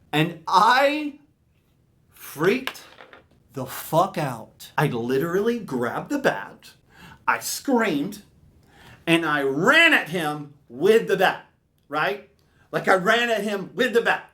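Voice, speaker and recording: A man from Alabama telling a comic story as a podcast host, animated and swinging from mumbled to shouted. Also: sits high.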